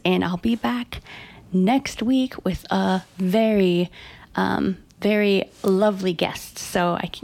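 A middle-aged woman with a Red Lake Ojibwe accent hosting a radio show, chatting casually and self-deprecatingly with lots of fillers. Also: medium pitch. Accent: Red Lake Ojibwe English. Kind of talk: casual on-air chat.

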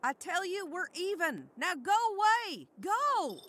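Audio drama: a shrewd country sheriff, folksy and bossy, slow and bouncy. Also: female voice, very high-pitched, sing-song, pushed and bright, a little hiss or hum, full character voice. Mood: brisk. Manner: folksy country talk, teasing and commanding. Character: folksy small-town female sheriff, shrewd and kindly.

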